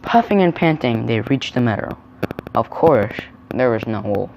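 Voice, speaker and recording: A man reading a children's picture book aloud, adding gentle chatty comments about the pictures. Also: medium pitch, expressive, normal speed, creaky, a little hiss or hum. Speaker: storyteller.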